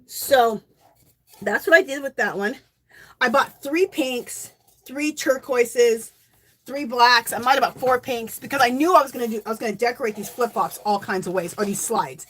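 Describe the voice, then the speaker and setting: A woman hosting a crafting channel, talking in a chatty, rambling, excitable way as she shows off her makes. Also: on the high side, normal speed. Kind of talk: casual show-and-tell chat.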